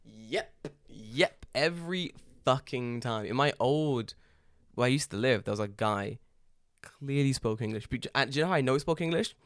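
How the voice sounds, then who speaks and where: A man's voice: medium pitch, animated, normal speed, a bit bright, dry recording, clean studio sound. A man co-hosting a podcast in casual chat, telling stories animatedly and swearing freely. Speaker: podcast co-host. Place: Japan.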